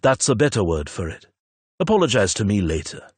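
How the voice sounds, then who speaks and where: Steady, protective older man; clipped and low-key, deep and a bit husky; a man voices him. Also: brisk, no room sound. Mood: firm. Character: older man, silver-haired goat farmer, steady and protective.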